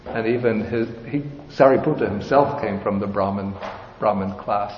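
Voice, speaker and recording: A man giving a dharma talk as a Buddhist teacher, explaining a scripture in a slow, measured, explanatory way. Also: fairly low pitch. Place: large hall with audience. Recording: reverberant hall, dull sound, faint hiss.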